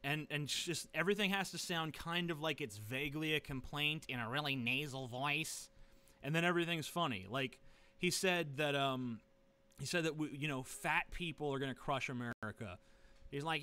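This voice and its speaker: A man's voice: on the high side, moderate pace, sharp tone, clear, resonant tone. A man vlogging from his living room into a webcam, sarcastic and profane, rambling with lots of fillers. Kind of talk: casual webcam rant.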